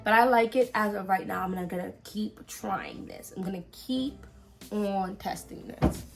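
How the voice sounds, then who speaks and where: A woman's voice: medium pitch, normal speed, vocal fry. A woman with an American accent, chatting to camera about scents she has bought and talking straight to her viewers. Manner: chatty, animated, talks to viewers directly. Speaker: fragrance vlogger. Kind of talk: casual haul review to camera.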